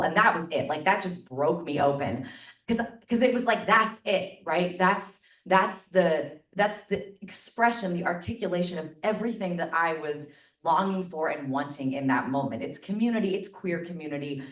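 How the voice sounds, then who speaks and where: A woman's voice: fairly low pitch, moderate pace. Chatty woman telling a story on stage. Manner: chatty, animated, lots of filler "like". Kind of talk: live personal storytelling. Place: stage before a live audience. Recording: echoey room, mic at a distance.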